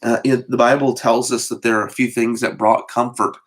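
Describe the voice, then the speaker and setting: A man giving a short devotional sermon as pastor, talking in a loose conversational way with frequent fillers and restarts, and slowing down to stress scripture. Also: mid-range voice, level tone. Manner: conversational, with many fillers and repeated words.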